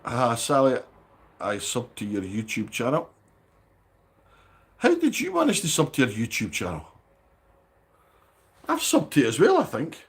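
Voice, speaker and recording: A man's voice: medium pitch, huge pitch swings, measured pace, pauses often, husky. A man hosting a live stream, chatting casually and bantering with viewers by name. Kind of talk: casual livestream chat reading viewer comments.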